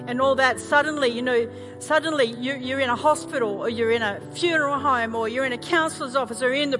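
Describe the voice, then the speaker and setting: A middle-aged Australian woman pastor preaching a sermon, telling animated stories with self-mocking humor. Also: high voice. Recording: music playing underneath.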